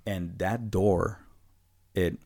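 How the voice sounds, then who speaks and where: A man's voice: sits low, steady tone, drawn-out words, a little mellow, no room sound, studio quality. A man co-hosting a podcast, telling stories in a loose, profane, laid-back way. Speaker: podcast co-host. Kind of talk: casual storytelling.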